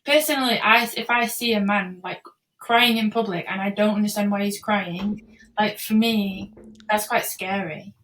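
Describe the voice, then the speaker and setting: A woman's voice: mid-range voice, moderate pace, a bit bright. Woman, podcast guest, earnest, reflective, somewhat far from the mic. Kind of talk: casual conversational interview.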